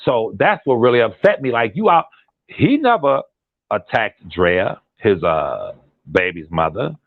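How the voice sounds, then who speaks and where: A man, a guest on a call-in commentary chat, talking in an animated, repetitive and emphatic way. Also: lowish voice, unhurried, no echo. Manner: animated, repetitive and emphatic, drops into imitated quotes. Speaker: guest on a commentary channel, relative of a defendant. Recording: tinny phone line.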